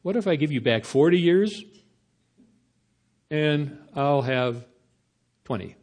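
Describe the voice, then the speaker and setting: A man's voice: a little high, animated, slow, a little mellow. A man voicing a weary cow grumbling about long years of labor. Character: tired cow complaining about hard labor.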